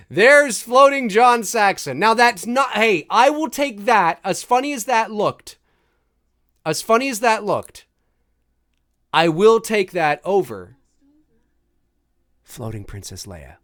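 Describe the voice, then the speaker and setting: Animated high-voiced man riffing on a movie. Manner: chatty, jokey, reacting with laughs and mock quotes. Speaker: movie commentary host. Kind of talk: casual live movie commentary.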